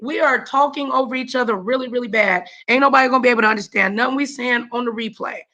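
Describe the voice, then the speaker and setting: A woman hosting a casual live talk show, quick to laugh and to steer who speaks. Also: a little high, pushed and bright, dull audio. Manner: laughs easily, directs the talk. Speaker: host.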